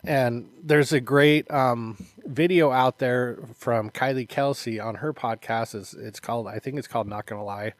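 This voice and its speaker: A man's voice: mid-range voice, normal speed, few pauses, no echo. A man co-hosting a casual podcast, telling stories animatedly, acting out quotes and laughing often. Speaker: podcast co-host, martial arts instructor. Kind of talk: casual chat.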